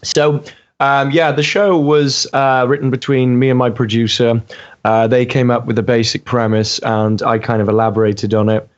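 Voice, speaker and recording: A man's voice: mid-range voice, little pitch movement, moderate pace. Welsh man, hesitant, lo-fi sound. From Wales. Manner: hesitant, many ums and uhs. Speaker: guest voice actor. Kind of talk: casual interview chat. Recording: dull lo-fi audio.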